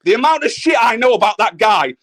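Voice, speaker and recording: Furious high-voiced man ranting. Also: lively intonation, quick pace, a bit bright. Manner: angry, ranting, swearing constantly. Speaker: livestream panel guest. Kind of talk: heated argument on a livestream panel.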